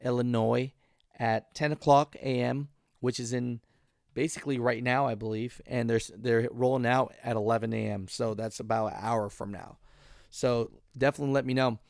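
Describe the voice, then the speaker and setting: A man's voice: mid-range voice, steady tone, normal speed, vocal fry, a little mellow, dry recording, studio quality. A man hosting a live trucking call-in show, talking loosely and laughing often. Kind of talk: casual live-stream talk.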